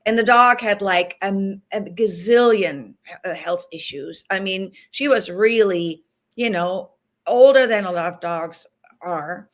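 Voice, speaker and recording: A woman's voice: mid-range voice, measured pace. A woman being interviewed as an animal hospice guest, speaking earnestly and acting out what people and pets say. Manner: earnest, acts out quoted dialogue. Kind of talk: interview conversation.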